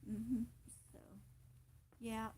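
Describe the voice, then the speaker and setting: A woman's voice: on the high side, monotone, slow, warm tone, a little hiss or hum. A woman hosting a casual homestead livestream, chatting in a rambling way and laughing often. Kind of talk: casual chat.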